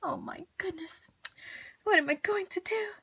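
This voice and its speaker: A flustered storybook lady frets through a department store, as a woman puts her on. Her voice is high, breathy and pleading, swooping widely up and down. She keeps an unhurried, anxious politeness. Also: very animated, heavily acted. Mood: distraught. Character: flustered fussy older woman searching a store.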